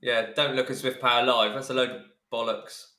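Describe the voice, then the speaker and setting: A man's voice: medium pitch, little pitch movement, brisk, bright, forceful tone, echoey room. A man co-commentating a live race, jokey and chiming in with quips.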